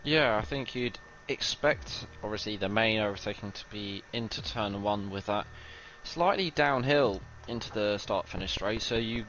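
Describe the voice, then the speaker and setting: A man's voice: fairly low pitch, moderate pace, few pauses, fairly bright tone, lo-fi sound, slight background noise. A man co-commentating a racing league stream in a casual, rambling way, laughing often. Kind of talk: live sim racing commentary.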